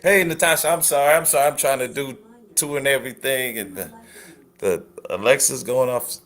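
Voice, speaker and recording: A man's voice: medium pitch, fairly quick, a bit bright. A man hosting a live stream at home, giving casual reaction commentary with rambling, apologetic asides and laughter.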